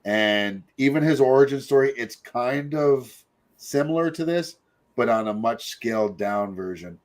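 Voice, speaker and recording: A man's voice: medium pitch, animated, measured pace. Chatty middle-aged man. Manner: rambling, chatty, full of fillers and asides. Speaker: podcast host. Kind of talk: casual chat.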